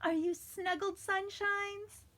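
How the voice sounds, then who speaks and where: A woman hosting a children's story time, speaking in an animated, sing-song way that encourages the children. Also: extremely high pitch, takes it slowly.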